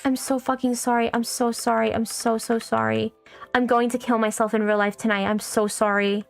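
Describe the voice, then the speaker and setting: A woman's voice: fairly high pitch, flat delivery, normal speed, vocal fry. A young woman streaming a video game, rambling casually, swearing freely and poking fun at herself. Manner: rambling, swears a lot, self-mocking. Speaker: VTuber streamer. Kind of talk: casual gaming stream chat. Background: faint background music.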